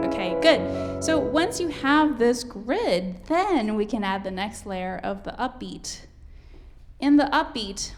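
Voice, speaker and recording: A woman's voice: a little high, very animated, a little slow. A woman teaching a piano masterclass, coaching a student and singing rhythms aloud as she counts.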